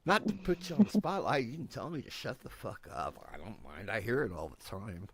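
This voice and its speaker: A man's voice: lowish voice, animated, fairly quick, gravelly, husky. A man hosting a casual talk show, laid-back and blunt, with a joking streak. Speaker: host. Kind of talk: casual chat.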